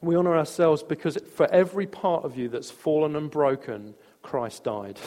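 Man preaching, slightly high voice, conversational with restarts, long hall reverb. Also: normal speed. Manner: conversational, with hesitant restarts and soft laughs. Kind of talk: sermon with storytelling.

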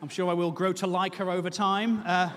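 High-voiced man doing stand-up. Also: flat delivery, brisk, fairly bright tone, in a large hall. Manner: self-mocking, acts out panicked high-pitched voices. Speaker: stand-up comedian. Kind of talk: stand-up comedy storytelling. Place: comedy venue with live audience.

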